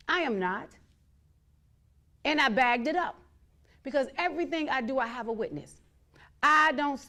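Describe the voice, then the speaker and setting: A woman hosting her own show, speaking in a blunt, defiant monologue full of repeated, emphatic declarations. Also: sits high. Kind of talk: outspoken monologue to viewers.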